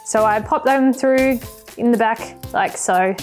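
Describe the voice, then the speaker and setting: A woman's voice: a little high, lively intonation, measured pace, darkish tone, faint music behind. Cheerful woman teaching puppet making. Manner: cheerful, encouraging, playful. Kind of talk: children's craft tutorial.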